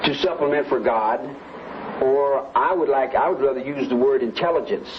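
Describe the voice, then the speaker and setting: A man's voice: medium pitch, moderate pace, noisy background. A man being interviewed, talking in a rambling, intense and defiant way, on muffled archival tape.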